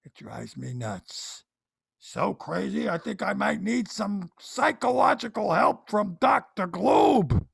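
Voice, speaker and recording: A man's voice: sits high, very animated, slow, gravelly, fairly bright tone, husky, no echo, studio quality, full character voice. A man voicing a grumpy suburban guy ranting about his handy neighbor, exasperated. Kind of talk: stand-up style comic rant.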